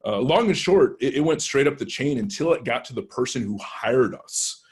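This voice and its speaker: A man's voice: mid-range voice, expressive, moderate pace, slightly rough. A man who works as a penetration tester, telling a story in a casual, conversational way with restarts and acted-out quotes.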